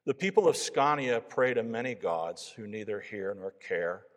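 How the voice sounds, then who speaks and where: A man reading aloud as an eager, earnest Viking man who is a new believer, in a loud storytelling voice. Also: fairly low pitch, animated, moderate pace, natural voice. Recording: long hall reverb.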